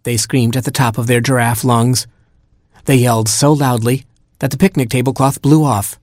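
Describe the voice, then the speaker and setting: A man narrating a children's storybook in a measured, gently humorous way. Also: medium pitch, fairly even intonation, no echo, studio quality. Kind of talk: storybook reading.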